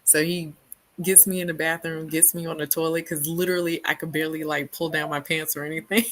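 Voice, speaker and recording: A young woman from New York telling a story in casual chat, animated, often laughing and loudly acting out what people said. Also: sits low, brisk. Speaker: book club host.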